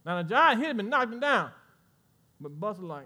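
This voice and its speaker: High, bright-voiced preaching pastor. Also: male voice, sing-song, normal speed, pauses often. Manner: preaching with swells of volume and playful asides to the congregation. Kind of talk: sermon.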